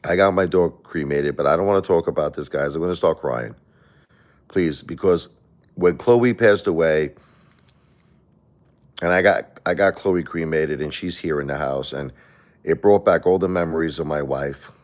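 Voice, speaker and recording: Very deep-voiced rambling man. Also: moderate pace, a little mellow. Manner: rambling, repeats words and restarts, emotional and defensive. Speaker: livestream host. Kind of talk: emotional livestream chat with viewers.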